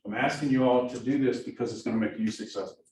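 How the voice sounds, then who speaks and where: A man's voice: mid-range voice, fast talker. A man with a Southern accent coaching a class of new agents, keeps checking in with "right?". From Missouri. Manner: energetic, keeps asking "right?". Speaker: productivity coach. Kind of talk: classroom training talk. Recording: echoey room from far off, faint hiss.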